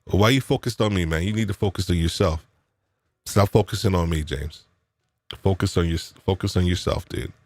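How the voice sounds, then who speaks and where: A low-pitched man from New York hosts a live podcast chat at normal speed, with no room sound. He teases his guests in playful banter and muses reflectively, full of fillers and restarts.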